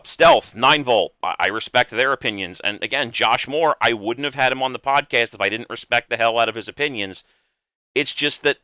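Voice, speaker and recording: Emphatic male podcast host, bright crisp voice. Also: on the low side, no echo, clean studio sound. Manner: earnest, emphatic, swears casually. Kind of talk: casual podcast discussion.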